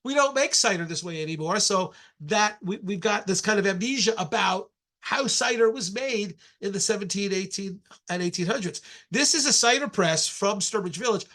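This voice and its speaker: A man's voice: high voice, animated, normal speed, pushed and bright. A middle-aged man, an archaeologist, giving a public lecture with slides in a conversational way, with frequent restarts and asides.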